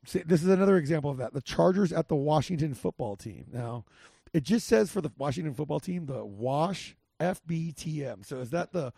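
A man's voice: a little high, animated, brisk, creaky, dark tone, breathy edge, no room sound, clean studio sound. A man hosting a podcast, rambling casually through game picks with lots of restarts and filler. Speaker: podcast host. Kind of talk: casual sports betting chat.

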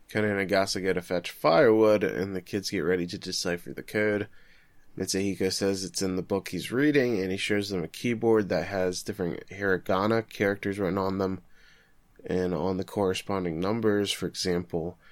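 A man in his thirties co-hosting a casual podcast, retelling a story with animated quick acted-out quotes. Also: sits low, no room sound. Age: 30s. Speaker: podcast co-host.

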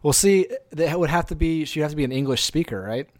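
A man's voice: a little high, fast talker, a little mellow, no room sound. Easygoing male podcast guest, dry sound. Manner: easygoing, hesitant, laughs easily. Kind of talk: casual conversational interview.

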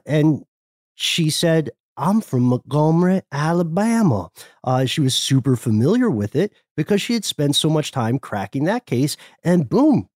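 A man co-hosting a casual history podcast, his voice moving widely in pitch as he tells the story with animated enthusiasm. The sound is close and dry. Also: dry recording. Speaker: podcast co-host.

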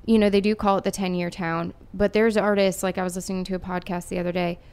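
A woman songwriter from Erie, Pennsylvania chats earnestly on a podcast, her voice smooth and resonant. She sits in the mid range and fills her talk with easy fillers. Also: mid-range voice, level tone, fast, a little mellow. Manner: chatty, lots of fillers, earnest. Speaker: singer-songwriter guest. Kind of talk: casual podcast interview.

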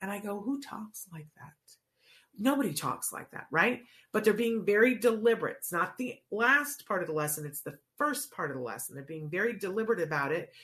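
A woman's voice: mid-range voice, lively intonation, fairly quick, hardly any pauses, fairly bright tone. A woman coaching parents on teaching a child words, explaining casually and often checking in with "right?". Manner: conversational, checks in with frequent "right?". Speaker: child language therapy coach.

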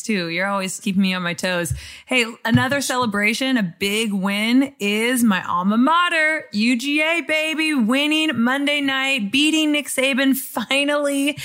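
A woman's voice: a little high, a bit bright. A woman co-hosting a casual chat, teasing and laughing often. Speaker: co-host.

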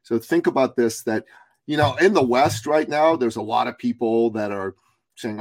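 A man's voice: medium pitch, normal speed, a little mellow, dry recording, low-quality recording. A middle-aged man from Iran, a guest on a podcast who tells his story with passion and emphasis. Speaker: guest, business coach. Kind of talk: podcast interview.

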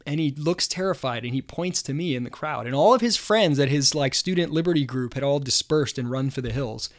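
Brief: male host with a somewhat high voice, sheepishly recounting a story in a chatty, animated way. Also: fast, hardly any pauses. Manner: animated, self-deprecating, many fillers. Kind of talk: casual storytelling to camera.

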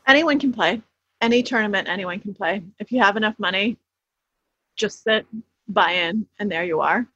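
Husky-voiced woman explaining with emphasis. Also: medium pitch, bright, forceful tone, no room sound. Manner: fast, emphatic explaining with many restarts. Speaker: author guest. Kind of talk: explanatory interview answers. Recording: dull, slightly lo-fi sound.

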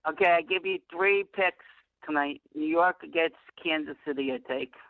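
A man's voice: a little high, normal speed, no echo. An older man calling in to a talk show, rambling and friendly, often mixing up his picks, heard over a phone line. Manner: rambling, friendly, mixes up games. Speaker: caller. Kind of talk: phone-in chat.

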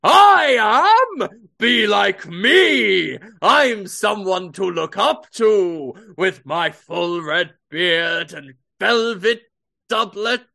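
A man voicing a loud, boisterous bearded man who pushes meats on people, shouting and boasting. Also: lively intonation, extremely slow, creaky, exaggerated voice. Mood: boastful. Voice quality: booming, shouting, jovial bluster.

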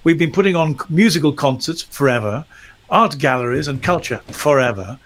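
A man's voice: fairly high pitch, lively intonation, fairly quick. A middle-aged man, a lecturer, telling stories in a discussion in an articulate, wry way. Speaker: discussion guest, lecturer in psychology of religion. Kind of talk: storytelling in discussion.

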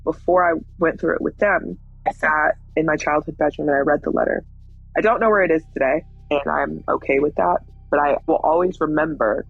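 A woman's voice: deep voice, brisk, gravelly, breathy edge, no room sound, muffled recording, faint music behind. A woman in her thirties telling her own story in a frank, candid way, blunt and swearing at times. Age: 30s. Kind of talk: personal storytelling.

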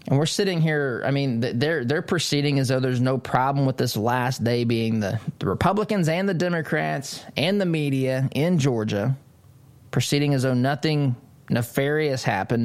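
Male talk radio host, emphatic monologue, mid pitch, mocking asides. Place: studio.

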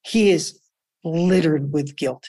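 A man's voice: slow pace, no echo. A man being interviewed as an entrepreneur guest, talking emphatically in a motivational, storytelling way. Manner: emphatic, storytelling, animated pitch swings.

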